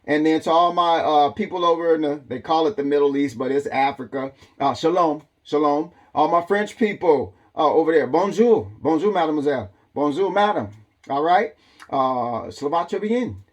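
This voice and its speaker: A man's voice: on the high side, moderate pace. A man hosting a survival channel. He talks in a loose, casual monologue with a drawl and lots of ums.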